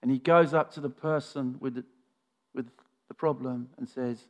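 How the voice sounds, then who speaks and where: A man preaching a sermon, retelling a scripture story with expressive, earnest delivery. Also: medium pitch, moderate pace, lo-fi sound. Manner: expressive storytelling, shifting from animated to soft and earnest.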